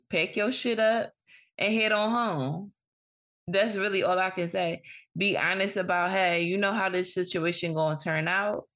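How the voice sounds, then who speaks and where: A woman's voice: on the low side, fairly bright tone. Blunt, swearing woman podcast host. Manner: blunt, frank, swears freely. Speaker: podcast host giving advice. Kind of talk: casual advice monologue.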